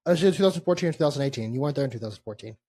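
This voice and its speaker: A man co-hosting a casual sports podcast, talking in quick, rambling bursts and swearing casually. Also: mid-range voice, lively intonation, mellow, husky. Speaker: podcast co-host. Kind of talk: casual chat.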